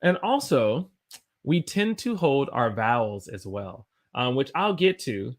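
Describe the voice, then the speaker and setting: Slow-talking Southern US teacher. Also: male voice, mid-range voice, very animated. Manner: slow, repeats demonstration words over and over. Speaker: English teacher. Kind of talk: pronunciation lesson with viewer chat.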